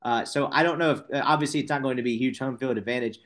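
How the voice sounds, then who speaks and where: A man's voice: medium pitch, rapid-fire, fairly bright tone. A man hosting a casual sports betting podcast, rambling and correcting himself with wry asides.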